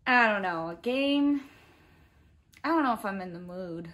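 A woman voicing a playful female friend in a skit within a kids' music lesson, who hesitates and then gets excited. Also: mid-range voice, measured pace. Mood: reluctant. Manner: hesitant, skeptical, then bursting with enthusiasm.

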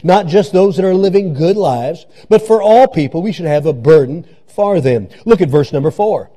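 A man's voice: high voice, animated, moderate pace, warm tone. A male pastor preaching a sermon in a church, repeating and stressing his phrases. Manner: repetitive, emphatic preaching. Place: church sanctuary.

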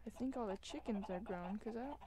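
A woman hosting a gaming video, chatting casually as she plays. She mocks herself and breaks into loud, excited exclamations. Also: medium pitch, fast talker, background noise. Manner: excitable, self-mocking, bursts into loud exclamations. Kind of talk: casual gameplay commentary. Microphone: desk microphone while gaming.

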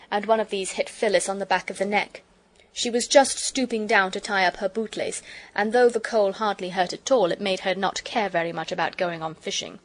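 A woman reading a children's storybook aloud with gentle, expressive storytelling. Her voice sits at a middling pitch. The reading is steady and scripted. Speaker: audiobook narrator.

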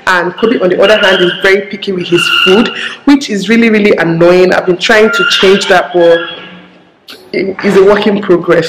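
A woman with a Nigerian accent chatting casually to her viewers in a home vlog, talkative and joking. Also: mid-range voice. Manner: chatty, joking, talks fast and a lot. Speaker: mom vlogger. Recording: echoey room with faint background noise.

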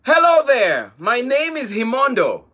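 A bubbly, giggling baby hippo girl from a storybook, her voice pitched very high and bouncing all over the place, as a man puts her on. She sounds happy and playful. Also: wildly swooping pitch, unhurried, bright, forceful tone, exaggerated voice. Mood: giggly. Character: cheerful giggly young female baby hippo.

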